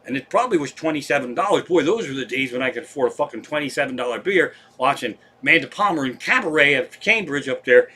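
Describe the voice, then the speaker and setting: A man's voice: medium pitch, animated, quick pace, hardly any pauses, bright, forceful tone, husky. A man hosting a comedy live stream from home, telling rambling, profane stories in casual chat.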